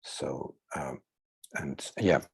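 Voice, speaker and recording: A native Russian speaker with a Russian accent gives a seminar lecture over a video call, halting with frequent pauses and fillers. His bass voice has a breathy edge, with no room sound.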